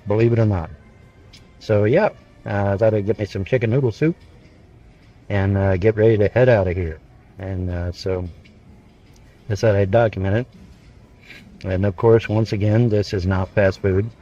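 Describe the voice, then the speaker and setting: A man in a relaxed, chatty vlog, talking with many uh fillers. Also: fairly low pitch, moderate pace, long pauses. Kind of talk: casual vlog. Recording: dull lo-fi phone audio with faint music.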